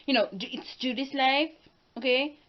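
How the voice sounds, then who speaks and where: A high-pitched woman in her twenties, speaking at a moderate pace, co-hosts a vlog as the daughter and casually tours her home on camera. She laughs easily and gropes for words in a room of the house, captured with dull, lo-fi home-video sound.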